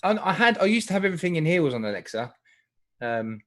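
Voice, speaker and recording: A man's voice: fairly high pitch, sing-song, fast, fairly bright tone. A man chatting on a live stream, explaining things in an easygoing, matter-of-fact way. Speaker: live show co-host. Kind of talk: casual live-stream chat.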